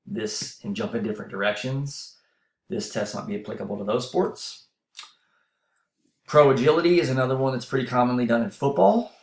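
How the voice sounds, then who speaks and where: A university instructor, medium-pitched and brisk, teaches a class casually and explains things with fillers and restarts, running out of breath as he goes. It's a recorded lecture voice-over captured on a voice-over mic in an echoey room.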